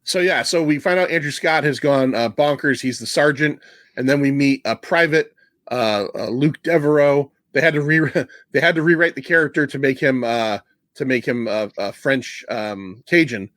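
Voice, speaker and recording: A man hosting a casual movie podcast, retelling scenes with a laugh and quick put-on voices. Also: mid-range voice, a bit bright, no room sound, clean studio sound. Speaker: podcast host.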